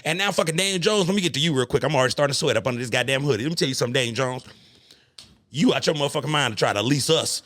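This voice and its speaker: A young adult man hosting a podcast, ranting in a casual, profane and animated way. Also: medium pitch, fast talker, dry recording. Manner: animated, heated, swearing freely. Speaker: podcast host. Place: studio room with friends.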